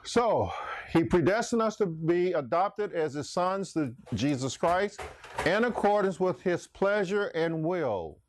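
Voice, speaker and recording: A man's voice: sits high, expressive, measured pace, slight background noise. A man preaching a sermon, emphatic, calling out listeners by name. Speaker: pastor.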